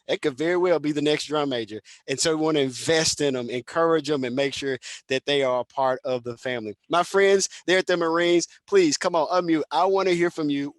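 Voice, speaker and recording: A man, a band director, moderating an online panel in an emphatic, encouraging way and slowing down to stress his points. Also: a little high, no room sound.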